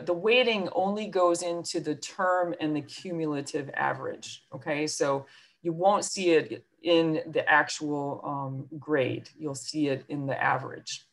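A school counselor with a New York accent and a low-sitting voice gives a chatty presentation to parents over a video call. Her talk is full of fillers and self-deprecating asides.

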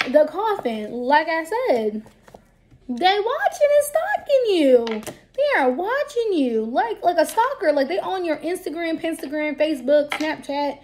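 High-voiced woman giving a blunt tarot reading. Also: background noise. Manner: blunt, profane, lively talk. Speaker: tarot card reader. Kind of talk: casual tarot reading for viewers.

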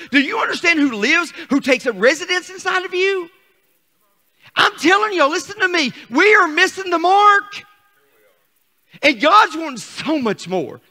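An older man preaching a fervent sermon as pastor, calling on the congregation and rising to shouts. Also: extremely high pitch.

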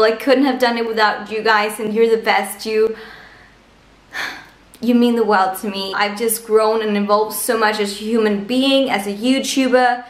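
A young woman from Denmark, a native Danish speaker, chatting casually to camera as a beauty vlogger in a room at home, bubbly and gushing. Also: medium pitch. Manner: bubbly, gushing, quick asides to viewers. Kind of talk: casual vlog talk to camera. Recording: echoey room.

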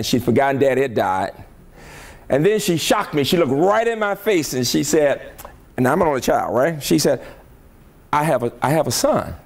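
A man's voice: fairly high pitch, very animated, brisk. An older man from the American South, a college president giving a motivational keynote speech in a conference hall, emphatic and rhetorical, often checking in with his audience.

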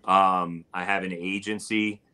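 A man's voice: low voice, little pitch movement, a little slow, bright, forceful tone, clean tone. A man talking casually as a guest in an interview, rambling with plenty of fillers as he tells a story. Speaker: barbecue cook and guest. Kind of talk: casual live-stream interview.

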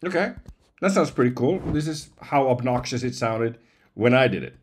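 A man's voice: medium pitch, lively intonation, normal speed, a little hiss or hum. A man, a professional voice-over artist, casually explaining and testing voice tools, chatty with small asides. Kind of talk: casual tutorial chat.

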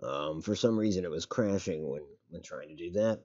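A man's voice: sits low, moderate pace, muffled recording. A man streaming a game, giving casual commentary, rambling, correcting himself and swearing casually. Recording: loud game gunfire behind voice. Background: game gunfire and artillery.

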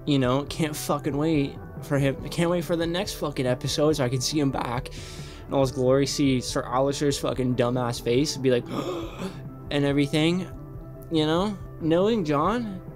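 A man's voice: on the high side, normal speed. Young man, reaction host, casual rant, heavy swearing, faint music behind. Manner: excitable, swears a lot, rambling. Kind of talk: casual commentary.

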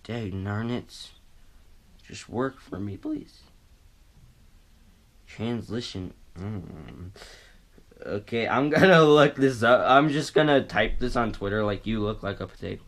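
A man's voice: lowish voice, slow pace, long pauses, a bit bright. A man talking casually as a vlogger to his viewers, rambling in a goofy way and often cutting himself off. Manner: rambling, goofy, self-interrupting. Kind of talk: casual vlog chat.

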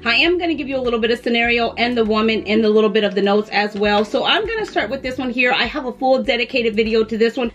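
A woman's voice: on the high side, a bit bright. A woman in her thirties from the United States chatting casually to camera as a fragrance vlogger, calling her viewers "you guys". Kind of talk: casual vlog talk to camera.

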